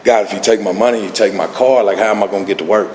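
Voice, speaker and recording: A man playing a hushed, desperate drunk. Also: on the low side, fairly even intonation, rapid-fire, slight background noise, lightly acted. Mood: pleading. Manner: hushed, pleading. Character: desperate, pleading man in ruin. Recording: echoey hall with long reverb.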